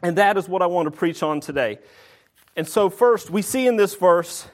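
A young man preaching a sermon, earnest and slowing down to stress each verse. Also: sits high. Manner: earnest, slows to stress scripture.

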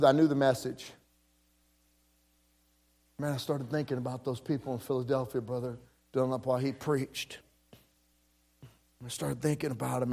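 A man's voice: fairly high pitch, darkish tone. A man preaching a personal story, acting out the voices of people he quotes, with frequent repeated words. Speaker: pastor. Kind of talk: storytelling sermon.

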